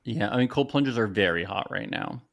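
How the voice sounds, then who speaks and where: A man's voice: fairly low pitch, moderate pace, creaky, no room sound, lo-fi sound. A young man co-hosting a podcast, chatting casually and jokily about a reality show. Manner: animated, jokey, swears casually. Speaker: podcast co-host. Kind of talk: casual recap chat.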